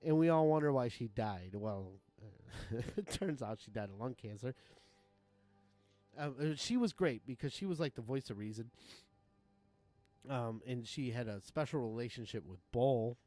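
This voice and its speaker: Man streamer, casual profane rambler, chuckles a lot, mid-range pitch, desk mic at home. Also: animated, normal speed, warm tone, faint music behind. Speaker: game streamer. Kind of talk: casual live-stream chat.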